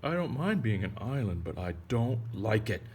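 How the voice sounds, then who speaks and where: A man's voice: lowish voice, big pitch swings, normal speed, darkish tone, breathy edge, voice pushed up. A man voicing a huge, patient male whale who grumbles mildly. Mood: grumbling.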